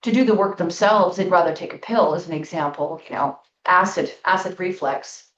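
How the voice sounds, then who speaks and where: A middle-aged woman hosting a spiritual talk show, telling a story in a casual, emphatic way and stretching out key words slowly. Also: on the low side, a bit bright, far from the mic. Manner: storytelling, emphatic, with slow drawn-out stresses. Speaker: spiritual podcast host. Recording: echoey room, off-mic, dull sound.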